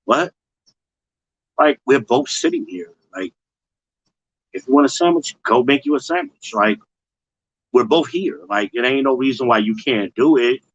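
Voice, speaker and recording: A man hosting a casual commentary livestream, blunt and slangy, talking straight to his viewers and mocking others in high put-on voices. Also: very animated, moderate pace, gravelly, no echo, muffled recording. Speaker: host.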